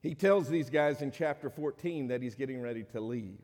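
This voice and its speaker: A man preaches a sermon in a relaxed, conversational way and speaks the quoted lines in a higher, livelier voice. His voice sits at an ordinary middle pitch. The sound carries a long reverb, as in a large hall. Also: a little fast. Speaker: pastor.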